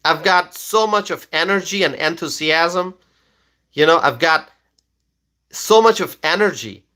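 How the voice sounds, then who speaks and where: A man with a high, bright voice hosts a political livestream and reads viewer comments aloud. He talks at an unhurried pace. He stresses each claim, repeats himself, and keeps checking in with "okay?".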